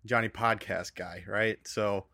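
A man guesting on a comedy podcast, spinning a story in a relaxed, meandering way with plenty of "uh"s. His voice is fairly low. The recording is dry and close. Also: a little slow, dry recording. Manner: laid-back storyteller, frequent fillers and "right?". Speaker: guest, copier salesman.

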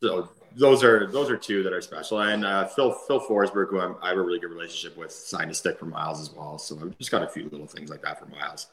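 Man, 30s, deep but bright, chatty storyteller full of fillers, roomy echo. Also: fairly even intonation, fast talker, few pauses. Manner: chatty, laughs often, many "like" fillers. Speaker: guest, former hockey player. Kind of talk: casual storytelling.

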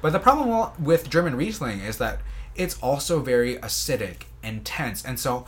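A man's voice: medium pitch, big pitch swings, moderate pace. A man chatting casually as a podcast guest, rambling with many fillers and restarts as he describes things. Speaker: sommelier guest.

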